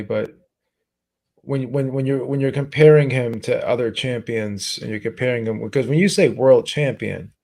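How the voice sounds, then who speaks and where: A man co-hosting a boxing podcast, speaking in a measured, hesitant way with many restarts. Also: medium pitch, gravelly, a little mellow. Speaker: podcast co-host. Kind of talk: casual boxing talk.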